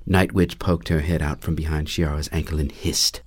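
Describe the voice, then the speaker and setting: A man narrating a fantasy audiobook in the first person, with a wry, lively storytelling manner. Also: a bass voice, normal speed, few pauses, no room sound.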